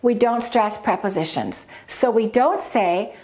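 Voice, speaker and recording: A woman teaching English pronunciation, modelling example sentences clearly and deliberately. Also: fairly high pitch, animated, darkish tone. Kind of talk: pronunciation lesson with spoken examples.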